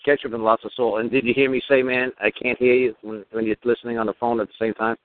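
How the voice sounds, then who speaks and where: A man's voice: medium pitch, little pitch movement, fast. A man hosting a call-in show, talking in a rambling, emphatic and blunt way. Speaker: radio show host. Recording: dry tinny phone-line sound.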